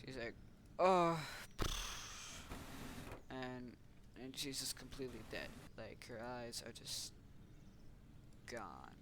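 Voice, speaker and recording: A man's voice: mid-range voice, big pitch swings, measured pace. A young man casually retelling a story as channel host, rambling and correcting himself as he goes. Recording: noisy home recording.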